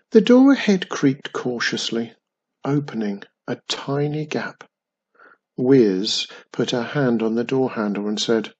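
Brief: male children's storyteller, breathy tone, lively pitch. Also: a little slow, highs cut off.

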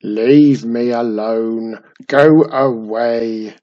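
A man's voice: medium pitch, very slow, highs cut off. A man doing a growling grumpy old goblin. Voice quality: growling, loud.

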